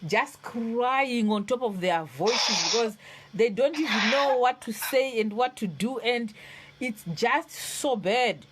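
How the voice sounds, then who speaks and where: A woman's voice: on the high side, animated, slow pace, fairly bright tone, slight background noise. Reassuring woman hosting a call-in stream. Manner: reassuring, repeats phrases. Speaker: host. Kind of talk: live-stream counseling call-in.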